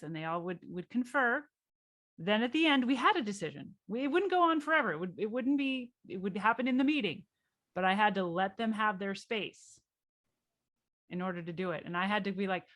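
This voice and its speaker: A woman hosting a podcast in casual chat, telling work stories in an animated way and acting out her own reactions. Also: medium pitch, normal speed, no room sound, clean studio sound. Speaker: podcast host.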